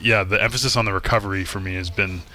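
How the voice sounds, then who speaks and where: A man in his thirties, a football player guest, answering in a relaxed, halting way with fillers. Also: low voice. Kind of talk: casual interview chat.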